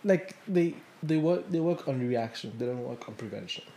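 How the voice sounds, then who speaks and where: A man's voice: medium pitch, animated, vocal fry, dark tone. Young man chuckling through casual chat. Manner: chuckles while talking, halting restarts. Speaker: podcast co-host.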